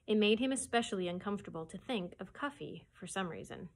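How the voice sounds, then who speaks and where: A woman children's librarian reading a chapter book aloud with expressive storytelling. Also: medium pitch, quick pace.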